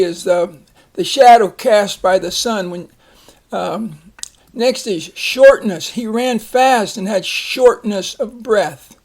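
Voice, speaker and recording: A man teaching a phonics lesson, slowly reading words, splitting syllables and giving example sentences. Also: high voice. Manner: slow, deliberate, repeats each word and splits syllables.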